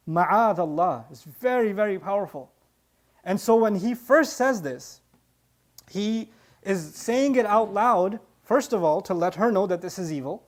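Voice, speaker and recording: Animated male preacher telling a scripture story. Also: sits high. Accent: South Asian English. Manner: animated storytelling, acts out quoted voices. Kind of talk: Quranic lesson talk.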